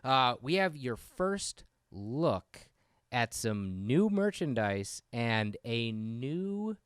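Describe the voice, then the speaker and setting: A man hosting a podcast in casual chat, animated and rambling, laughing often. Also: mid-range voice, extremely slow, clean tone, no room sound, clean studio sound. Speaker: podcast host.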